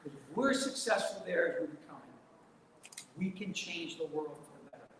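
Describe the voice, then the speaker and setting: Emphatic mayor in an echoing hall. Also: male voice, fairly high pitch, expressive, a little fast, a bit bright. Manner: folksy, emphatic, repetitive rallying. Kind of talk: public speech at a community event. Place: large indoor event hall. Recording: very echoey hall, some noise.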